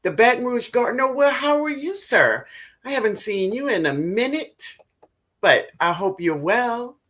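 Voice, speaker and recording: Her voice is on the high side, sing-song and a little bright. This middle-aged woman hosts a gardening live stream, talking easily with her viewers in a slow drawl and lovingly calling them baby.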